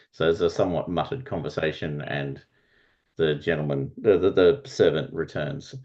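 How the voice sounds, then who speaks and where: A man's voice: sits low, steady tone, a little slow, lo-fi sound. A man narrating as game master in a tabletop game, meandering and searching for words.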